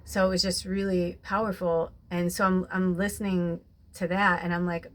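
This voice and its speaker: A woman's voice: mid-range voice, level tone, brisk, hardly any pauses, a little hiss or hum. A young adult woman, a spiritual medium, talking in a rambling, emotional way with lots of "like" and "you know", then leading a guided meditation. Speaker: spiritual medium doing a card reading. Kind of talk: casual, emotional personal talk and guided meditation.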